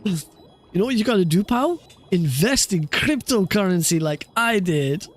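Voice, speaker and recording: A man's voice: high-pitched, expressive, moderate pace, faint music behind. A man voicing a brash, successful male cartoon coyote, boasting in a put-on Mexican accent. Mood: cocky.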